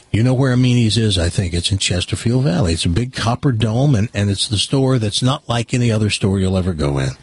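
A man's voice: on the low side, breathy edge. An older man hosting a radio talk show, chatty and opinionated in casual talk.

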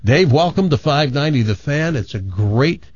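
A man's voice: mid-range voice, animated, moderate pace, darkish tone, no room sound, highs cut off. A man hosting a talk radio show, chatting opinionatedly with his co-hosts and taking callers. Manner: opinionated, chatty, self-correcting. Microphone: studio microphone.

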